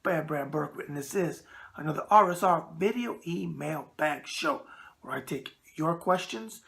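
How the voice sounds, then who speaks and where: A man's voice: on the high side, moderate pace, vocal fry, fairly bright tone. A middle-aged man with a New York accent hosting a casual boxing mailbag show, talking bluntly and stumbling over words. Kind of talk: casual video mailbag chat.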